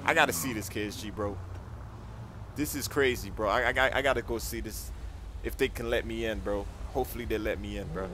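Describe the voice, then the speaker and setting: A young man in excitable, slangy game role-play commentary with loud outbursts. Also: lowish voice, a little fast, slight background noise. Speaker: gaming YouTuber.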